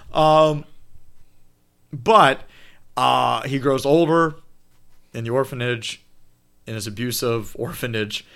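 A man with a bright, forward voice is telling a horror film's plot to his co-host. He swears freely, laughs often and jumps between details as they come to him. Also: medium pitch, slow, gravelly, long pauses, clean tone. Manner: animated storytelling with swearing and laughs. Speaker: podcast co-host. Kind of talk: casual chat recapping a horror film.

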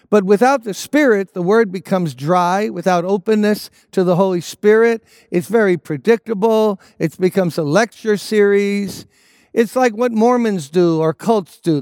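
High-voiced preacher man, clear and dry. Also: a little slow, darkish tone, no room sound. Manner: emphatic preaching with repeated phrases. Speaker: pastor. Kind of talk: sermon.

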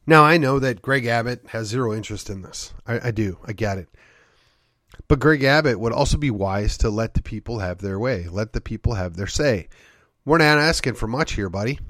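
A man's voice: medium pitch, expressive, normal speed, a bit bright, no room sound, clean studio sound. A man hosting a show, delivering an opinionated monologue full of rhetorical questions and needling sarcasm. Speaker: podcast host.

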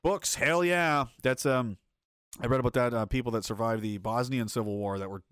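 A man's voice: medium pitch, normal speed, a bit bright, smooth, dry recording, studio quality. Profane, laughing livestream host, a man. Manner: profane, laughing, sarcastic riffing. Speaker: livestream host reading chat. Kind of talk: casual livestream chat.

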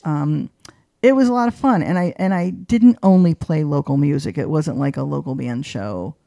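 Chatty woman with a gravelly, mellow voice. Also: normal speed, dry recording, studio quality. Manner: chatty and animated, with many fillers; voices quoted people with big pitch jumps. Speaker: guest, arts journalist. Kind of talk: casual interview conversation.

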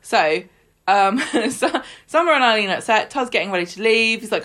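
A woman's voice: on the high side, animated, normal speed, a bit bright. A woman co-hosting a podcast, chatting casually as she recaps a soap episode and acts out the characters' lines. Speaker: podcast co-host.

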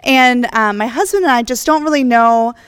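High, smooth-voiced young woman asking. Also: normal speed, no echo. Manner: rambling, many fillers. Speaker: audience member asking a question. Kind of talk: audience question at a forum.

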